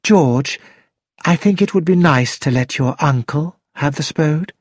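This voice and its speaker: A man voicing a calm, tactful hostess in a read-aloud story. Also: a little high, measured pace, no room sound, studio quality. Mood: gentle.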